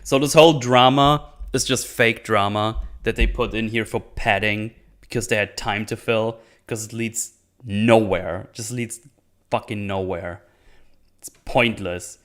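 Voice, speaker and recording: A man's voice: lowish voice, steady tone, a little slow, fairly bright tone. A man ranting through a casual review with lots of swearing and sarcasm, mocking characters in put-on voices. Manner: profane, sarcastic, mocks characters in silly voices. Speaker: video reviewer.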